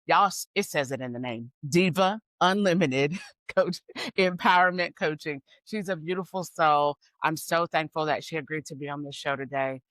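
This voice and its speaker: A woman hosting a podcast who gushes warmly and calls out to her listeners as "y'all" and "squad", sounding excited and emotional. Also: sits low, normal speed, dry recording. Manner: effusive and gushing, talks straight to listeners as "y'all" and "squad". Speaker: podcast host and coach. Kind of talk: upbeat podcast chat.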